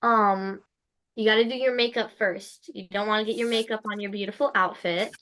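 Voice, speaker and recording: Woman skater on a video call, just answering questions plainly, mid-pitched. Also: fairly even intonation, moderate pace, a bit bright. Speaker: guest skater. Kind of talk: casual chat.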